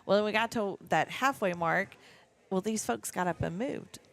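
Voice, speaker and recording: A woman's voice: mid-range voice, normal speed, gravelly. A woman in her forties with a drawl, chatting on a casual show. She tells stories with bursts of giggles and an everyday mid-range voice. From Texas. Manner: giggly storyteller, laughs often. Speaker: podcast co-host. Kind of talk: casual chat.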